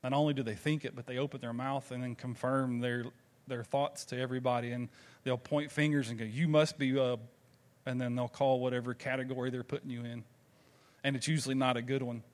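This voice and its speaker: A man's voice: medium pitch, level tone, brisk. A man with a Southern American accent preaching a sermon, telling stories conversationally and throwing rhetorical questions to the congregation. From Southern United States. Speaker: pastor.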